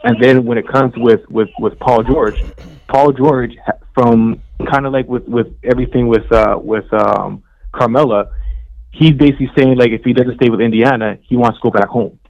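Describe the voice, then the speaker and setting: A man talks sports as a co-host, rushing into stories with plenty of excitement. His voice sits at an ordinary pitch. The recording sounds muffled and lo-fi. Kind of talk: casual sports talk chat.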